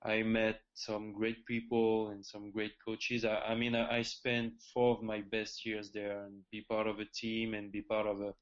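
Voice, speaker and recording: A man's voice: fairly low pitch, completely flat delivery, moderate pace, hardly any pauses, muffled recording. A man in his thirties from France with a French accent, a native French speaker, talking as a podcast guest and hesitating often with restarts and fillers. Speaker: guest, former tennis pro.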